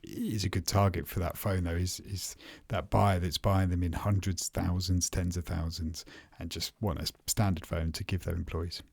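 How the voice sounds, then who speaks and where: A man's voice: sits low, flat delivery, moderate pace, creaky, hardly any pauses, a little mellow, breathy edge, no room sound. A man co-hosting a casual tech podcast, chatty and prone to restarting his sentences. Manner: chatty, repeats and restarts words. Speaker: podcast co-host.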